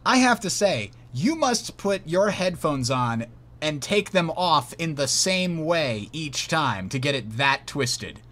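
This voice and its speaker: A man hosting a podcast in casual chat, animated and jokey. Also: on the high side, slow pace. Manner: animated, laughs often, jokey. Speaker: podcast host.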